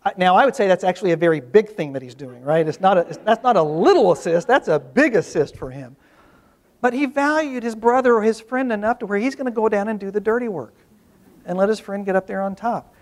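A man with a high-pitched voice presents to a workshop audience in a presentation room. He talks in an easygoing, storytelling way, doubling back on his words and adding little asides as he goes. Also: animated, fairly quick. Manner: conversational storytelling with restarts and asides. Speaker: corporate workshop speaker.

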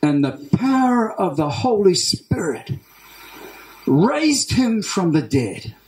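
An Australian man preaching a sermon as pastor, emphatic, repeating key phrases with deliberate pauses. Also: sits high, big pitch swings. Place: church hall. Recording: roomy church hall echo.

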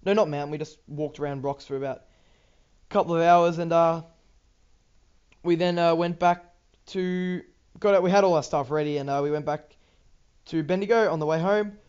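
Rambling Australian teen gamer, slightly high voice. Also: male voice, steady tone, moderate pace, pauses often, darkish tone, clean tone, muffled recording. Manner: rambling and distracted, swears, many ums and restarts. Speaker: gaming YouTuber. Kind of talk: casual gameplay commentary.

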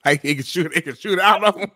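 A man's voice: sits high, quick pace, sharp tone, no room sound, clean studio sound. A man co-hosting a talk show, trading laid-back, joking banter. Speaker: co-host. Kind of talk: casual chat.

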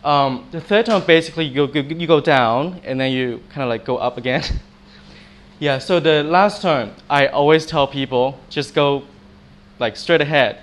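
Man giving a friendly quick language lesson. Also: on the high side. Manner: friendly, demonstrates tones by example. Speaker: language teacher. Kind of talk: informal mini lesson.

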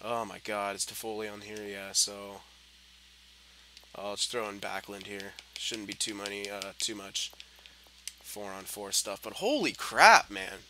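Young guy doing game commentary, sharp bright voice, cussing and grumbling, yells at the screen. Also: on the low side, unhurried. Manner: frustrated, swearing, muttering then yelling at the game. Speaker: gaming commentator. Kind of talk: gameplay commentary.

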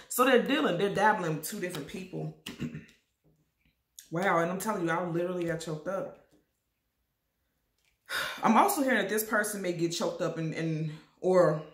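A woman giving a casual tarot reading to her viewers, talking emphatically and repeating herself, and she keeps coughing and clearing her throat. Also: medium pitch, echoey room. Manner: repetitive, emphatic, addresses viewers directly. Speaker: tarot reader.

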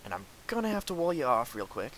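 A young man hosting a gameplay video, excitedly commenting on his own play, talking to his enemies and breaking into outbursts and laughs. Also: on the high side, quick pace, slight background noise, low-quality recording. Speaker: gaming video host.

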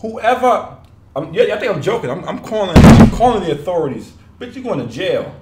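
High lively man reacting in an echoey room. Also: brisk, heavy background noise. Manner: laughs often, loud incredulous outbursts, profane. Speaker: music reaction host. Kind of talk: casual reaction commentary.

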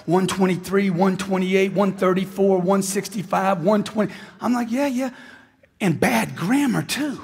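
A man's voice: sits high, measured pace, gravelly, a little mellow, slight background noise. A middle-aged man giving a brash, punchy motivational seminar speech to a large live audience, mocking the voices of people he quotes. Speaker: sales speaker. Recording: echoey hall recording.

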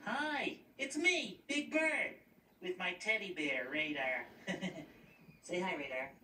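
A man voicing Big Bird, a gentle childlike giant bird, telling a story in a sing-song, wondering way in a children's TV puppet show. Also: sits high, expressive, slow pace, full character voice. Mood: storytelling. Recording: clip played back from far off in an echoey room.

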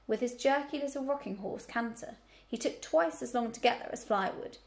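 A woman teacher reading a children's book aloud, telling the story clearly and expressively. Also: fairly high pitch, moderate pace.

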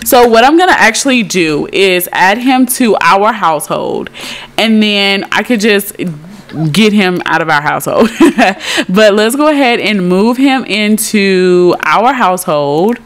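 A woman's voice: medium pitch, lively intonation, a little slow. A young woman giving casual, giggly commentary over a life-simulation game, chatting to her viewers. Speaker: Sims let's play creator.

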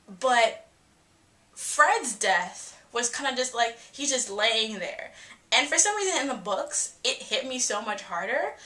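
A young woman giving a casual, profane, animated film review, often breaking into quoted asides. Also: a little high, moderate pace.

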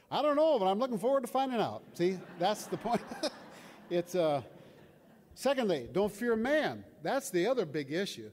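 Speaking in a fairly high, slightly mellow voice, an older preacher talks to his congregation as if in conversation, often asking them questions. The sound carries a long hall reverb.

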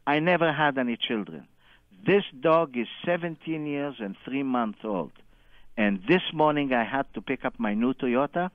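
A man's voice: medium pitch, no room sound, narrow, tinny audio. A man calling in and telling a long anecdote, acting out every quoted line with loose, non-standard grammar. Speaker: caller. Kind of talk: animated anecdote storytelling.

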